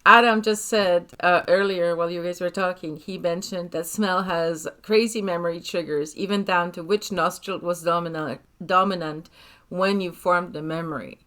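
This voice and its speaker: A woman's voice: on the low side, steady tone, normal speed, fairly bright tone. A woman co-hosting a podcast who speaks candidly in casual group chat and laughs at herself. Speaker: podcast co-host.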